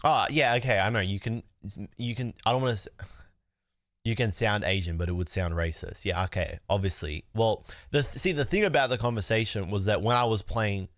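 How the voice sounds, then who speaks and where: Congested man, nasal, low voice, dry close sound, rambling livestream chat. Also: fairly quick, no room sound. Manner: loose, rambling, joking with chat. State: congested, sick. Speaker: streamer.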